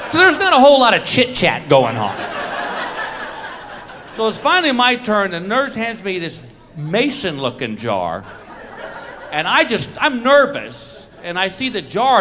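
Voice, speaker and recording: A middle-aged man telling self-mocking stories in a live stand-up set, acting out his own reactions with animated delivery. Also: sits high. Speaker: stand-up comedian. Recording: noisy live comedy recording.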